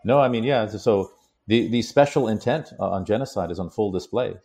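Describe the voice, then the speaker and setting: Husky, mellow-voiced man explaining. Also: lowish voice, a little fast. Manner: explanatory, reads quotes aloud with emphasis. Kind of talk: conversational commentary.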